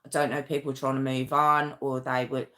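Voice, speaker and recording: A woman's voice: very deep voice, little pitch movement, moderate pace, fairly bright tone. A woman telling a true crime story on a casual live stream at home, chatty and rambling, with asides and restarts.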